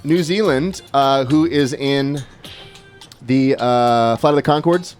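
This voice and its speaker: A man's voice: medium pitch, slow, soft background music. A man co-hosting a casual livestream from an indoor studio, chatting and reading viewer comments aloud. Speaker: livestream co-host. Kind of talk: casual livestream chat with auction.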